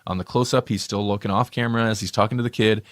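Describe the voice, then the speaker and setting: A man's voice: fairly low pitch, steady tone, quick pace, dry recording, clean studio sound. A man co-hosting a podcast, chatting casually about a film, rambling and correcting himself as he goes. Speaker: podcast co-host. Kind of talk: casual movie review chat.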